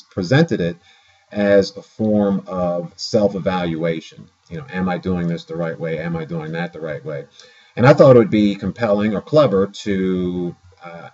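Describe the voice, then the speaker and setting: A man with a low, husky voice and a mellow, dark tone chats to his camera in a rambling vlog. He corrects himself often and fills pauses with "uh". The sound is dull and lo-fi, like a built-in camera mic in a dim room. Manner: rambling, self-correcting, many fillers. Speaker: vlogger. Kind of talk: casual to-camera talk.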